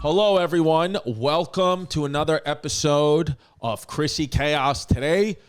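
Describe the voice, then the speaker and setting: A man's voice: a little high, a little slow, smooth, faint music behind. A man hosting a podcast in a casual, joking manner, rattling off dates and teasing his guest. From United States. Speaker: podcast host.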